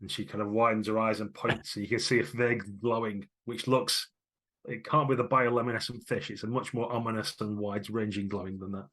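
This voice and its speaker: A man narrating as game master in a tabletop game, lively and wry. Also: lowish voice. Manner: lively, wry, quick asides.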